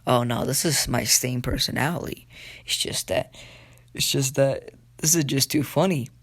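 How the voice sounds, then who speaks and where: A man's voice: mid-range voice, moderate pace, a bit bright. A man voicing a cocky, gleefully ruthless teenage boy ninja with a mocking, taunting manner.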